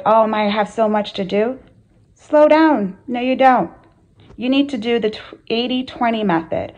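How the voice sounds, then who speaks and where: A spiritual coach who hosts her channel talks to camera with earnest conviction, her mid-range voice darkish in tone and the recording rough. Her casual motivational talk leans on rhetorical questions and phrases she says again and again.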